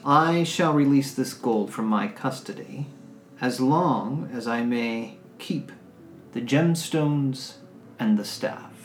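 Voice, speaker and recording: A man playing an ancient dwarf who talks in slow, formal, courtly phrases. The voice is set in a roomy space with faint music in the background. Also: medium pitch, lightly acted. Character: ancient hunched male dwarf, courtly and genteel.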